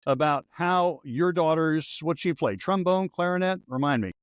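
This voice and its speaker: Telling stories in a meandering, dryly humorous way, this former radio newsman in his sixties hosts a casual podcast chat. He speaks at normal speed in a higher voice with a clean tone.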